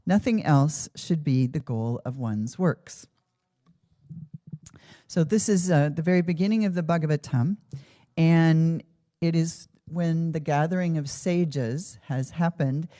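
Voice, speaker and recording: A woman's voice: deep voice, dark tone. A woman giving an earnest devotional talk in a temple, telling stories and asking reflective questions. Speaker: devotional speaker. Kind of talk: spiritual talk with storytelling.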